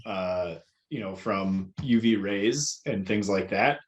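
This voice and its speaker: A man co-hosting a casual podcast, explaining things in a measured way with a lot of ums and restarts. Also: on the low side. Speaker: podcast co-host.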